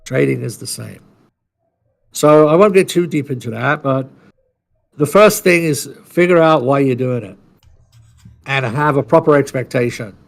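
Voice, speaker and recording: A man co-hosting a podcast, his voice rough with a gravelly, fried edge. He tells his story in a loose, rambling way, salty and blunt, often restarting his sentences. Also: medium pitch, moderate pace, pauses often. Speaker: podcast co-host.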